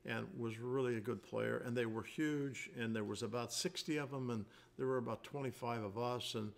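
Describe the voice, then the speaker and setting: Older man, gravelly voice, basketball coach, casual co-host chat, rambling storyteller, mid-pitched. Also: steady tone, moderate pace. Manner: rambling storyteller, searches for words.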